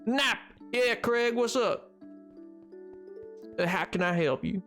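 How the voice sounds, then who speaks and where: A young man chatting casually on a game stream, excitable and quick to laugh, reading chat aloud. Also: faint music behind. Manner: excitable, bursts into high yelps and laughs, reads chat aloud.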